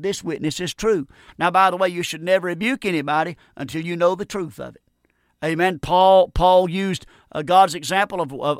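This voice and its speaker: High, bright-voiced fervent male radio preacher. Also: dry recording, studio quality. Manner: fervent, repetitive, punctuated with amen. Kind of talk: radio sermon.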